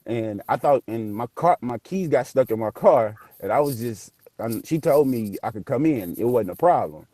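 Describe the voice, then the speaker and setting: A man tells a story with animated, profane energy and acts out each voice. His tone is mellow and warm, and the recording is dry and close. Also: mid-range voice, moderate pace, hardly any pauses, no room sound. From Memphis area, US South. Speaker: guest telling a ghost story. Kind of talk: casual storytelling.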